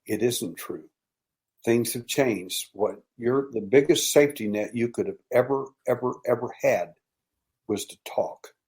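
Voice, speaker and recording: An American man guesting on a podcast, telling long stories with lively acted-out dialogue. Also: medium pitch. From United States. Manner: animated storyteller acting out quoted dialogue. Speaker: podcast guest, alien abduction researcher. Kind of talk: storytelling in casual interview.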